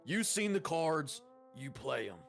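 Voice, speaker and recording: A man voicing a huge gruff male cowboy bandit with a slow, menacing drawl. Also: fairly high pitch, sing-song, faint music behind, pitched above the performer's own voice, heavily acted.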